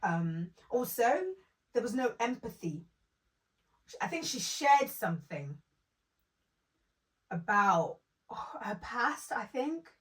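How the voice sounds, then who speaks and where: Female podcast co-host, animated casual chatter, slightly distant mic. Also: medium pitch, slow pace, pauses often. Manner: animated, quotes people in put-on voices. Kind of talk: casual reality TV review chat.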